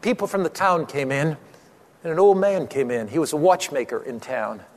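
A man preaching a sermon, telling a story with dramatic pauses and slowing on key phrases. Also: fairly high pitch. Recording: long hall reverb.

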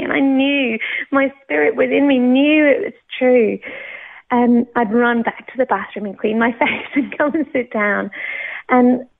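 A woman from England, telling her personal faith testimony in an animated way, laughing often and acting out her own thoughts. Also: fairly high pitch, vocal fry. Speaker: churchgoer sharing her testimony. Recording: tinny phone-like sound.

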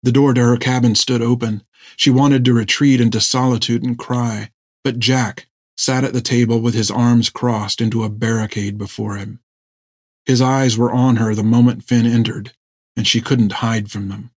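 A man narrating a story in a measured storytelling manner. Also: mid-range voice, little pitch movement, no room sound, studio quality. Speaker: audiobook narrator. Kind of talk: scripted narration.

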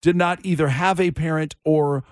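A man hosting a morning radio talk show, animated and jokey, quick to laugh. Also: fairly high pitch, clean tone, no room sound, studio quality.

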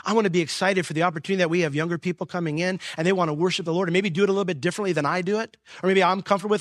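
A middle-aged pastor preaching a sermon in an earnest way, building to impassioned peaks. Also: male voice, high-pitched, a bit bright, no room sound, studio quality.

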